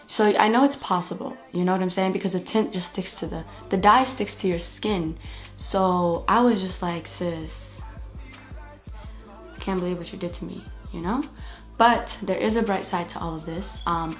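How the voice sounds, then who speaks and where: A young woman tells a casual story-time vlog straight to camera. Her delivery is expressive, and she jumps into other people's lines as she retells what happened. Faint music plays under her voice. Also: mid-range voice. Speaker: vlogger.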